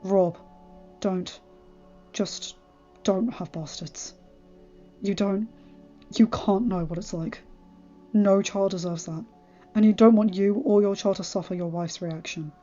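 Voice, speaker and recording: A woman's voice: mid-range voice, fairly even intonation, normal speed, mellow, lightly acted. A woman reading as a young lord with a dry, teasing wit in an audiobook. The sound is dull and lo-fi. Faint music runs beneath. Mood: serious. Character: young lord, wry and teasing, later grave.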